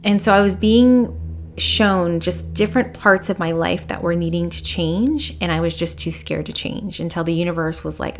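A woman's voice: lowish voice, measured pace, vocal fry. A woman in her thirties, a podcast host and spiritual medium, telling a personal story in a candid, reflective way with many fillers. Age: 30s.

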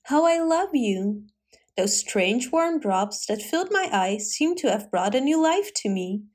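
A woman's voice: fairly high pitch, very animated, unhurried, darkish tone. A woman reading a storybook aloud and voicing a young princess in a raised, breathless, pleading voice. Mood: tender. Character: young princess, overwhelmed and tender.

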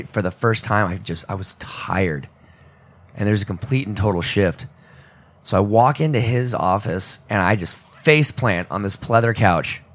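Man, low voice, halting emotional storytelling, choked up, casual podcast talk. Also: a bit bright. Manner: emotional, halting, with many restarts. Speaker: podcast co-host.

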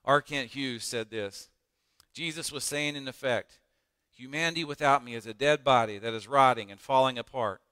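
A man preaching a sermon as pastor, emphatic, with dramatic pauses and rising emphasis. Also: mid-range voice, pushed and bright, clean tone, no room sound, clean studio sound, big-room sound.

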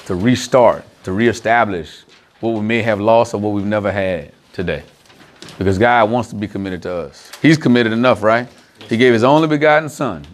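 Using a lowish voice, a man gives a conversational sermon to a small group. He stays animated and speaks directly to them, leaning on examples from everyday life.

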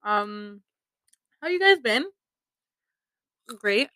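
A woman's voice: mid-range voice, animated, drawn-out words, pushed and bright, no echo, poor audio. A young woman from Toronto co-hosting a casual podcast chat, laughing and snacking as she talks and swearing casually. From Toronto, Canada. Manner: laughs often, eats while talking, swears casually. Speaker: podcast co-host.

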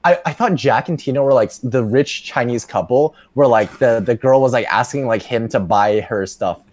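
A young man telling a rambling story as a podcast guest, full of "like" and quick laughs. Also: mid-range voice, a little mellow, dry recording. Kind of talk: casual storytelling chat.

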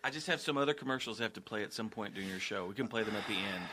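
A man's voice: on the low side, racing, background noise. A male show producer speaking matter-of-factly about timing commercial breaks, a bit defensive.

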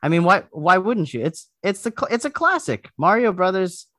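A man's voice: high voice, sing-song, normal speed, fairly bright tone, dry recording, clean studio sound. A man on a casual news chat panel, joking and rambling with restarts. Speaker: co-host.

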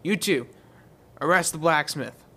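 A polite young prince, played by a man running a tabletop game, calm and matter-of-fact. The voice is a touch higher than average for a man, with little put-on flourish. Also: a little slow, heavily acted.

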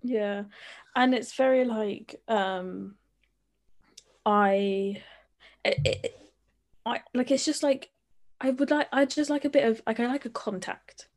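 A young woman, co-hosting a podcast, talking in a halting way with many restarts and fillers. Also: fairly high pitch. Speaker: podcast co-host. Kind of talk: casual chat.

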